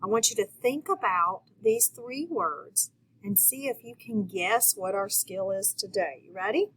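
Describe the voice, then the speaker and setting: Slow, patient teacher woman with a bright voice. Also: mid-range voice, a little hiss or hum, low-quality recording. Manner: slow, patient, encouraging, talks to viewers directly. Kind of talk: phonics lesson for children.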